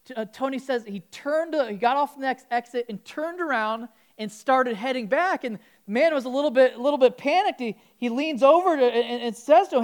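A woman preaching a casual, conversational sermon in a church, often restarting words and growing animated as she tells a story. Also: sits high, fairly quick, few pauses.

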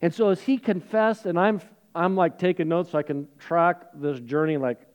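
In a sermon, a middle-aged male pastor relates something that happened to him, chatty and self-deprecating and leaning on lots of fillers. He goes hushed for the serious bits. His voice is on the high side, he speaks at a normal speed, and the highs are cut off in the recording.

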